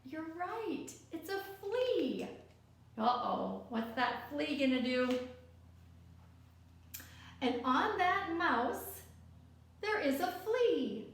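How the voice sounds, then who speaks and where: A woman reading a picture book aloud to children, gently coaxing and asking the listener questions as she goes. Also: high voice, big pitch swings, extremely slow, long pauses. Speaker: storyteller. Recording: very echoey room.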